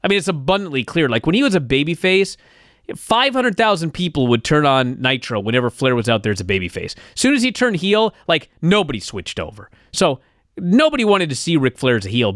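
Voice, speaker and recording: A man co-hosting a podcast speaks in a fairly high, very animated voice, swinging up and down as he gives his opinions. His talk is casual and blunt, with plenty of swearing. The studio sound is dry and close. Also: brisk, dry recording. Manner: opinionated, profane wrestling banter. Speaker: podcast co-host. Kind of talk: casual chat.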